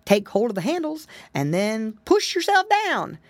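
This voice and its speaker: A woman doing a kindly old goat gentleman. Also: a little high, sing-song, normal speed, dry recording. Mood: instructive. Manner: patient, instructive.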